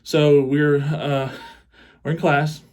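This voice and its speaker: A man's voice: fairly high pitch, little pitch movement, slow, a little mellow. Rambling young man telling a crude story. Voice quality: rambling and crude, with frequent laughs. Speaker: teacher. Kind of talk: casual comic storytelling.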